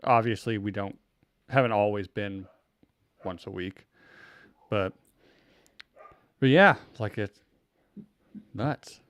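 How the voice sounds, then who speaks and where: Rambling low-voiced male podcast host. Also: slow, long pauses, a bit bright, no echo. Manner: rambling, self-interrupting, swears casually. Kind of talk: casual chat. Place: home room.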